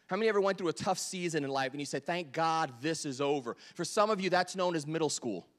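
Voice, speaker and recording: A man preaching in a fairly high voice, animated and playful with his congregation. He jumps from loud exclamations to hushed, confiding lines. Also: quick pace. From Delaware, US. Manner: animated, joking, swings between loud bursts and quiet asides. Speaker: pastor. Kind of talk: sermon.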